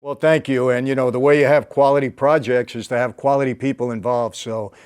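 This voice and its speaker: Middle-aged guy hosting a chat, earnest, smooth clear voice. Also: medium pitch, fairly even intonation, fairly quick, a little mellow. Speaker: interview host. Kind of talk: casual interview talk.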